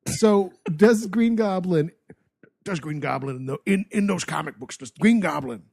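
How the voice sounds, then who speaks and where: A man co-hosting a comedy movie podcast, asking halting questions with restarts and playful riffs. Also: high-pitched, vocal fry, a little mellow, no room sound. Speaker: podcast co-host. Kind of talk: casual comedic movie banter.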